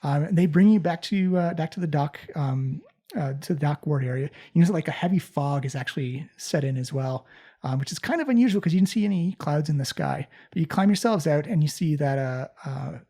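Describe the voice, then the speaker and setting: A man narrating a tabletop game as game master, relaxed and halting, with many fillers. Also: on the high side.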